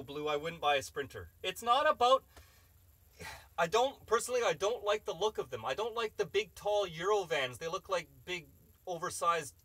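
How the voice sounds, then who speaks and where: Guy on a live stream chatting with viewers, bright forceful voice, kinda rambly and opinionated. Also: fairly high pitch, no echo. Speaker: host answering live chat. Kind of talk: casual live-stream chat.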